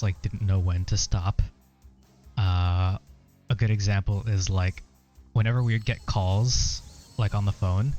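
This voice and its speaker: Rambling young man, low voice. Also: a little mellow. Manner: rambling, full of "like" and "uh" fillers. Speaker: gaming streamer. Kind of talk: casual storytelling over gameplay.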